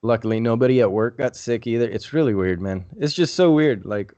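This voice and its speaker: A man's voice: mid-range voice, fairly quick, mellow, no room sound. Casting: young male podcast host, rambling and profane, dry dull mic. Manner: profane, rambling, laid-back. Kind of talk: casual storytelling chat.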